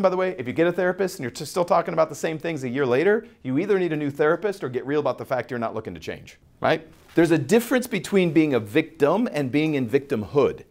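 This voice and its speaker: Blunt, animated male life coach. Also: on the high side. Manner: blunt and profane, animated, acts out little scenes. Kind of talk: motivational podcast talk.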